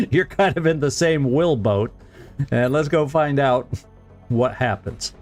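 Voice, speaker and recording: A man in a mid-pitched voice streams a strategy game and chats easily with his viewers. He chuckles often and trips over repeated words as he thinks aloud. Faint music plays in the background. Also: slow pace, darkish tone. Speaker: gaming streamer. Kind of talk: casual let's-play commentary.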